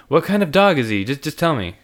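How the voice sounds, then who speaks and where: A man's voice: a little high, big pitch swings, fast talker, pitched above the performer's own voice. A man doing a pleading young man. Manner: pleading, insistent. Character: young man, persistent, odd sudden charm.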